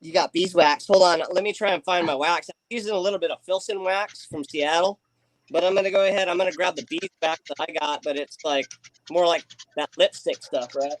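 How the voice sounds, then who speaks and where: Chatty higher-voiced man on a dry mic. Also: steady tone, fairly quick, no room sound, poor audio. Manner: chatty, rambling with many fillers. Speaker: livestream guest. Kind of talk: casual chat.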